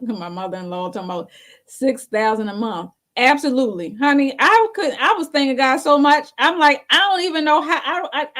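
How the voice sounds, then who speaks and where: A woman co-hosting a talk show, telling a story in a casual, chatty way and laughing often between phrases. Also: mid-range voice.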